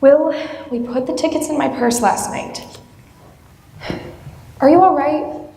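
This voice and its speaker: A woman's voice: sits high, a little slow, vocal fry, warm tone. Woman playing a wistful young bride-to-be. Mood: soothing. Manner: wistful and self-mocking. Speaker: student actor. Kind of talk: stage play monologue. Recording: echoey hall from far off, faint ambience.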